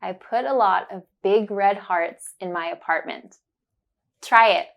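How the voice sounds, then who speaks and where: A woman teaching a pronunciation lesson, repeating words slowly and clearly and praising the listener with upbeat cheer. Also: medium pitch, fairly bright tone. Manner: drawn-out, deliberate word drills with upbeat praise.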